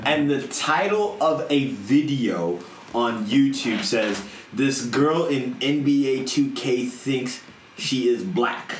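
A man co-hosting a casual gaming chat, speaking in a measured, unhurried way. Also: mid-range voice. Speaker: podcast co-host. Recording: echoey room, faint noise.

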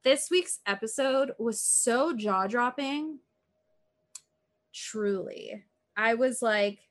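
Pitched fairly high, she speaks slowly and pauses often. The woman is a podcast co-host casually recounting a true-crime episode, rambling along with frequent "like"s and acted-out quotes.

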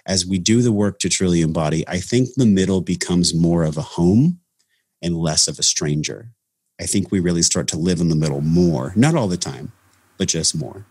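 Husky deep-voiced man. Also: normal speed, darkish tone, no room sound, clean studio sound. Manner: reflective, earnest, many restarts. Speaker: breathwork facilitator, podcast guest. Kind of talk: casual podcast conversation.

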